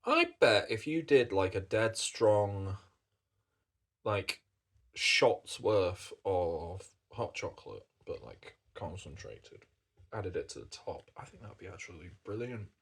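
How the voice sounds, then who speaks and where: A man's voice: deep voice, lively intonation, slow pace, slightly rough. A British man chatting casually as a coffee reviewer, rambling along and swearing in passing. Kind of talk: casual chat.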